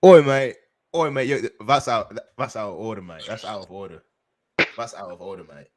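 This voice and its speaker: A man's voice: fairly low pitch, normal speed, crowd noise, lightly acted. A young man putting on a London accent to play a swaggering street tough, full of slang and mock threats. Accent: put-on London. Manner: slangy, jokey bravado. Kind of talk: casual podcast banter.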